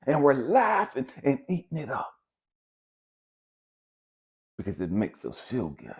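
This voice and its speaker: A man's voice: mid-range voice, wildly swooping pitch, measured pace, slightly rough. A man giving a blunt, profane spiritual motivational monologue, repeating his points for emphasis. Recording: dull lo-fi recording.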